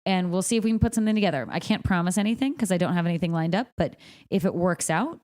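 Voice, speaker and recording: A woman in her thirties with a somewhat low voice chats as a podcast guest. She tells her stories with energy and slips into other people's voices whenever she quotes them. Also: racing. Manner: animated storyteller, acts out quoted voices. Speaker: podcast guest, professional dancer. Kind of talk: casual storytelling in conversation. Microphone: podcast microphone, also streamed live on video.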